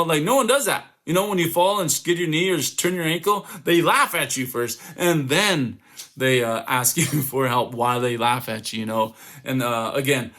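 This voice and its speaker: A man with a bright, forceful voice gives an upbeat motivational talk to young people. He is a comedian, and he tells stories by acting out quick quotes. It sounds like a home video-call recording. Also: mid-range voice. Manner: lively storytelling with acted-out quotes and laughter. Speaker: comedian and youth speaker. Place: home, online summit.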